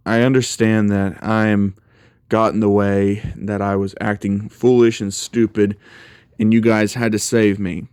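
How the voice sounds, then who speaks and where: A man's voice: fairly low pitch, little pitch movement, unhurried, a little mellow, clean tone, dry recording, lightly acted. A man voicing a young male hero who apologetically admits his own mistakes. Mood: contrite.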